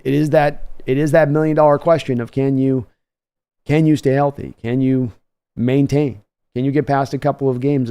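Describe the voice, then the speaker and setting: Medium-pitched and warm, the livestream host reacts to the action with relaxed play-by-play. Between plays he chats with his viewers.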